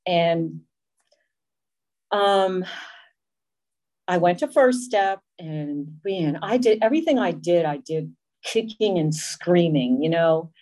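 A woman's voice: lowish voice, expressive, takes it slowly, pauses often, warm tone, poor audio. A woman giving a candid, self-deprecating personal testimony about her recovery. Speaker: speaker sharing a recovery story.

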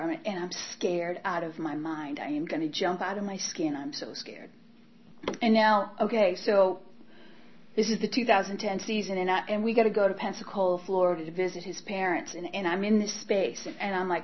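A woman's voice: medium pitch, steady tone, fairly quick, lo-fi sound. A woman giving an emotional personal testimony about her past, acting out her old inner voice and at times dropping to a whisper. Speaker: speaker sharing a recovery story.

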